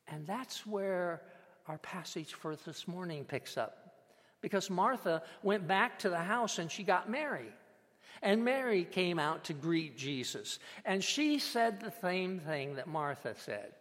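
A man preaching a sermon as a pastor, measured and emphatic, with dramatic pauses. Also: high voice, lively intonation, a bit bright. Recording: long hall reverb.

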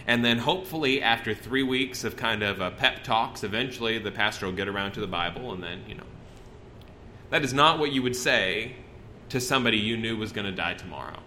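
Bright-voiced male preacher, conversational. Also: fairly low pitch, fairly quick, slight background noise. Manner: conversational, folksy, with self-interruptions. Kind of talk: sermon.

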